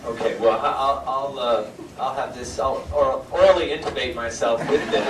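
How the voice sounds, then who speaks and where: A man's voice: medium pitch, moderate pace, over a noisy crowd. A man giving a self-deprecating, informal talk as a guest speaker, full of fillers and restarts. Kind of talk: informal lecture. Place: lecture hall. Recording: echoey hall from far off, noisy.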